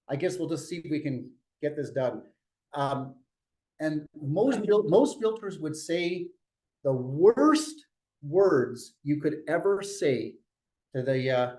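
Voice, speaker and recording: A man leading a real estate sales meeting, telling a story in an animated coaching tone and often restarting his phrases. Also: on the high side. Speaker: real estate team leader.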